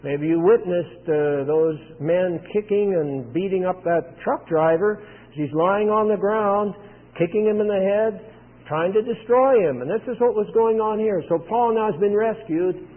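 A man preaching a sermon, retelling a scripture scene in plain storytelling with frequent pauses. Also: high voice. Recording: tinny phone-like sound with long hall reverb.

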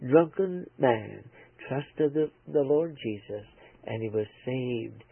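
A male preacher telling a moral story in a slow, earnest, halting way, heard over a tinny radio broadcast. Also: mid-range voice, expressive, gravelly, breathy edge, dry recording.

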